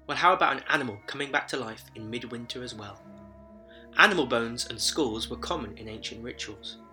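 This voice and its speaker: A man hosts a podcast with a cutting, forceful edge to his tone, even though a head cold leaves him sounding a little thick. He reads his script in a measured, storyteller's way at an ordinary pitch, with soft music playing faintly behind him. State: has a head cold, voice slightly deep and sick. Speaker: podcast host.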